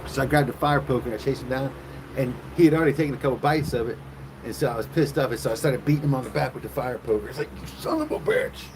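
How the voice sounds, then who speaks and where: A man's voice: medium pitch, rapid-fire, noisy background. A man hosting a casual livestream, telling crude rambling stories and chatting with viewers. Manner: crude, rambling storyteller with loud acted quotes. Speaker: livestream host.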